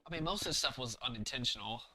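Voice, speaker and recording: A man's voice: mid-range voice, expressive, racing, noisy background. A man live-streaming a game, chatting casually with viewers in a rambling, thinking-aloud way full of fillers. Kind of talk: casual live-stream chat while gaming. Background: background music.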